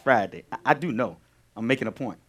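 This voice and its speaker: A male pastor teaching a sermon, animated, repeating key phrases and firing questions at his congregation. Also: medium pitch, brisk.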